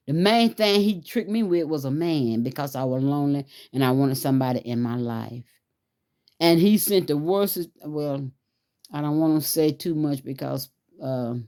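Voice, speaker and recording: A woman's voice: deep voice, dark tone. A woman telling a fervent religious testimony, pleading and rising into cries as she recounts a dream. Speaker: testimony speaker.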